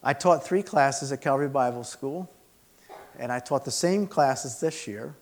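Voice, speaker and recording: A man teaching a session for pastors, earnestly presenting and reading aloud a student essay. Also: medium pitch. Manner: earnest, measured, expressive reading.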